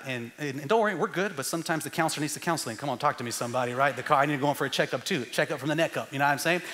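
A middle-aged man preaching a lively church sermon, joking with the congregation and building to shouts. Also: fairly high pitch. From United States. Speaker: pastor. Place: church sanctuary.

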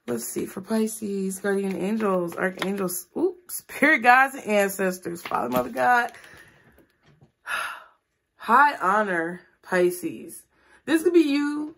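A woman gives a casual tarot reading straight to camera. She talks in a chatty, blunt, informal way and keeps checking in with her viewers. Her pitch sits in the middle range for a woman. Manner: chatty, says "okay?" often, blunt and informal. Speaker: tarot reader.

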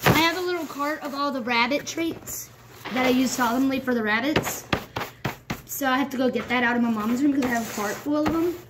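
In a casual home vlog, a young woman cleans her rabbit cage, rambling on and playfully telling off her pets. Her voice is high and a little fast. The background noise is loud.

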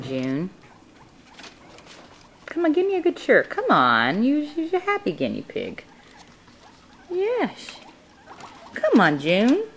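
Woman cooing at pets in swooping tones. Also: slight background noise. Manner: cooing baby talk to her pets, with big jumps in pitch. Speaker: guinea pig owner showing her pets. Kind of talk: casual home video tour. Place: indoors at home.

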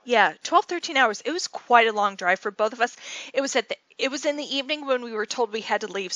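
A woman's voice: a little high, a bit bright, no room sound. A woman talking casually as she shows her scrapbook page, rambling through a story with lots of fillers and restarts. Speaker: scrapbooking channel host. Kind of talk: casual storytelling and craft tutorial.

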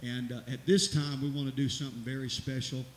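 A man's voice: mid-range voice, little pitch movement, brisk. A middle-aged man, a pastor giving rambling, folksy church announcements and exhortation in a church sanctuary. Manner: folksy, rambling, preacherly, rising to loud exclamations. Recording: echoey church hall with hiss.

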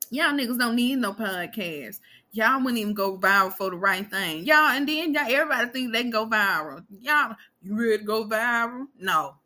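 A woman in her twenties with a medium-pitched, sharp voice hosts a podcast. She addresses her listeners directly in a blunt, emphatic monologue full of profanity.

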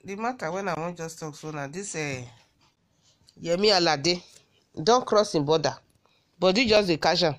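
A woman with a Nigerian Benin accent and a lowish voice records a scolding audio message as a social media commentator. She speaks at a normal speed but leaves long pauses, hammering away with repeated rhetorical questions.

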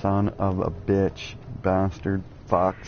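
A man's voice: low-pitched, level tone, slow pace, lo-fi sound, background noise. A man giving jokey, rambling commentary while playing a video game, cursing often and drifting into absurd tangents. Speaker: let's play gamer.

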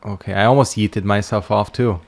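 Lowish guy streaming a game, dry jokey asides, kinda sleepy. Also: fairly even intonation, a little fast, gravelly. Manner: wry, joking asides while playing. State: sleepy, yawning. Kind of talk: casual gameplay commentary.

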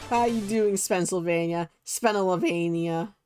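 A man's voice: high-pitched, unhurried, darkish tone, faint music behind. A young man streaming a video game and chatting with his viewers, bubbly and giggly. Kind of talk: casual gaming stream chat.

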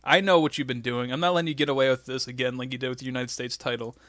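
A man's voice: mid-range voice, fairly even intonation, racing, a bit bright, dry recording, studio quality, close to an everyday voice. A man doing an impression of a stern male wrestling general manager, bossy and scolding.

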